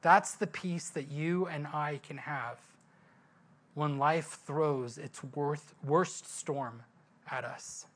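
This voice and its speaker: A man's voice: on the high side, takes it slowly, a bit bright. A male pastor giving a sermon in a conversational, storytelling way, asking the listeners questions.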